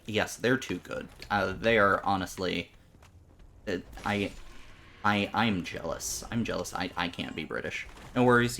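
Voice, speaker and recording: A man's voice: fairly low pitch, fairly bright tone, slight background noise. A man streaming live, chatting casually with his viewers in a rambling way, often stumbling and repeating words.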